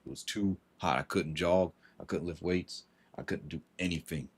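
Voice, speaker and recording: Man, extremely low voice, husky, halting and repetitive, frustrated personal story. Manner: halting, repeats words, emotional and frustrated. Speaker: vlogger.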